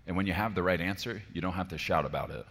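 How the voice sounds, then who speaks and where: A pastor in his forties preaching a sermon, emphatic, asking rhetorical questions and swinging between soft and loud delivery. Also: low-pitched, fast talker, vocal fry. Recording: long hall reverb.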